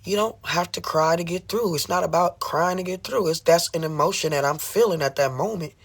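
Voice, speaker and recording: At a middling pitch and brisk pace with a breathy edge, a speaker pours out an impassioned, emotional rant to a livestream audience. The delivery is confrontational and full of rhetorical questions, with phrases repeated again and again for emphasis and plenty of swearing.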